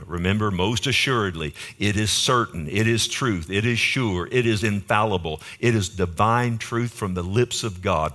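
A man's voice: lowish voice, expressive, normal speed, hardly any pauses, a bit bright. A man pastor preaching a verse-by-verse sermon, emphatic and often asking the congregation questions.

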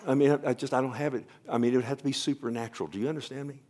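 A man preaching a sermon, telling a story dramatically and swinging between loud passages and hushed ones, often asking his listeners directly if they follow him. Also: medium pitch, steady tone, very fast. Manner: addresses listeners directly with questions.

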